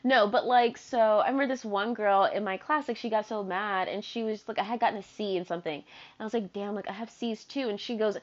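A young woman in her twenties hosting a podcast, telling stories in a chatty, animated way, full of "like" and asides. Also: mid-range voice, fairly quick. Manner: chatty, animated, filler-heavy with frequent "like". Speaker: podcast host. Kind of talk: casual storytelling monologue. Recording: dull lo-fi sound.

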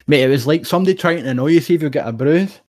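Fast-talking Scottish man telling a story. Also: on the high side, darkish tone. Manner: rambling storytelling, heavy swearing. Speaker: podcast co-host. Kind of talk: casual chat.

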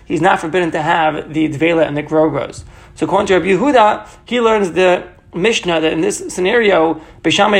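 A man's voice: sits high, gravelly. A man teaching a Mishnah passage, reading Hebrew phrases aloud and explaining each one in English, often checking in with "right?". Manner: reads Hebrew phrases then paraphrases in English, asks "right?". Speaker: Talmud teacher.

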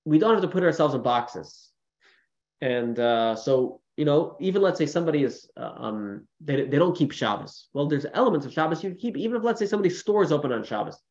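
A man, a rabbi teaching a class in a casual, storytelling way, lively when quoting people, with many fillers. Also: mid-range voice, lo-fi sound. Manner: storytelling with animated quoted voices, many fillers. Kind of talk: informal Torah class talk.

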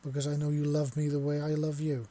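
Husky soft affectionate young guy, read by a man, steady flat tone. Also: a little high, fast, natural voice. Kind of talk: audio story reading.

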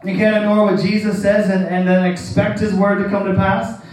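High-voiced preacher in an echoey room. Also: male voice, little pitch movement, moderate pace, a little mellow. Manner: folksy, chuckles often, acts out quoted voices. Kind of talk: conversational sermon. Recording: very echoey room, voice from far off the mic.

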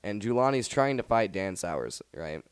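A young man co-hosting a podcast, telling rowdy party and fight stories in a casual, profane, animated way. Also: on the low side, moderate pace, clear, resonant tone, no room sound. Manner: profane, animated storytelling with acted quotes. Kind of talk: casual storytelling chat.

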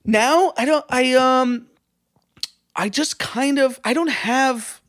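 A man co-hosting a casual podcast, telling stories in an animated way and swearing freely. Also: very high voice, slow pace, no room sound, clean studio sound. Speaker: podcast co-host.

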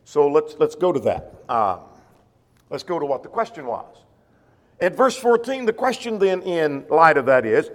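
Male Bible teacher, plain explainer, slightly high voice, reverberant church room. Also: big pitch swings, normal speed. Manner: explains scripture plainly, rephrases verses, asks rhetorical questions. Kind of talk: verse-by-verse Bible class teaching. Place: church classroom or auditorium. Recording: long reverb of a church hall.

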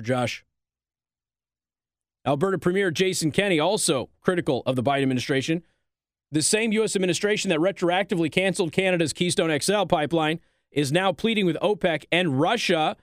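Reading articles aloud, this man, who hosts political commentary, keeps interrupting himself with jeering rhetorical questions. His voice is fairly high and his sarcasm stays sharp and needling. The mic is close and dry, with no room sound or echo.

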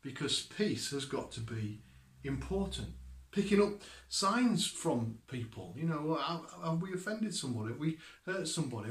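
A man preaching a sermon in a conversational way, with frequent asides and questions to his listeners. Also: a little high. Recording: echoey room.

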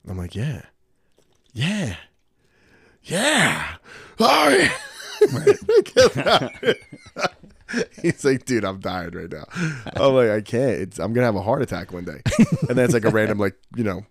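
A middle-aged man in casual chat, telling stories with lots of swearing and acted-out quotes. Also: on the low side. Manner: profane, animated storyteller acting out quotes. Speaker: podcast host, martial arts school owner.

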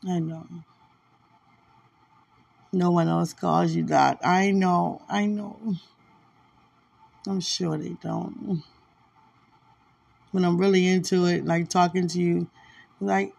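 A woman hosting a podcast, chatting casually and tenderly about faith while sounding sleepy, soft-spoken and given to small laughs. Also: fairly low pitch, fairly even intonation, slow pace, gravelly, pauses often, dry recording. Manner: soft, drowsy and affectionate, with frequent laughs. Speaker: podcast host. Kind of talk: casual faith-filled chat.

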